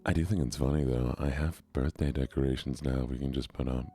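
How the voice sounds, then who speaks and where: A man who is feeling sick, soft-spoken and gentle while hosting a gaming stream. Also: a bass voice, fairly even intonation, a little fast, faint music behind.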